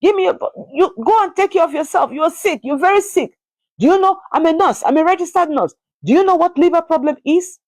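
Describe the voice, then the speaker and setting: Woman doing a high shrill sister voice, pushy, pleading, repeats herself. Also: a little fast, darkish tone, no room sound. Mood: insistent. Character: insistent adult woman pressing for custody.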